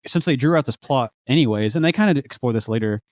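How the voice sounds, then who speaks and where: A man's voice: medium pitch, lively intonation, fast talker, a little mellow, no room sound, clean studio sound. A man co-hosting a podcast, chatting casually and rambling with lots of hedges while quoting lines from a show. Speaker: podcast co-host. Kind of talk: casual chat.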